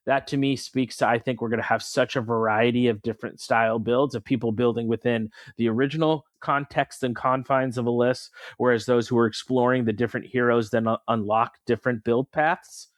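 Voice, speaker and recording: A man's voice: mid-range voice, steady tone, fairly quick, few pauses, no room sound. A man co-hosting a podcast, chatting about what he likes in a thoughtful, eager way. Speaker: podcast co-host. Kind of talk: casual chat.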